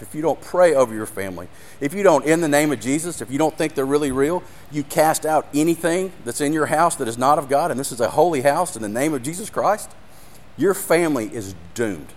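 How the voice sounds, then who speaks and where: A man giving an earnest sermon with a live demonstration, speaking directly to his audience and growing emotional. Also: mid-range voice. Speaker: ministry speaker.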